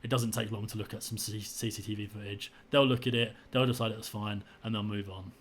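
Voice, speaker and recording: A man's voice: fairly low pitch, steady tone, brisk, slight background noise. A young man tells his own story in a frustrated, indignant way, often repeating himself. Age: young adult. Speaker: vlogger. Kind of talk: personal story to camera.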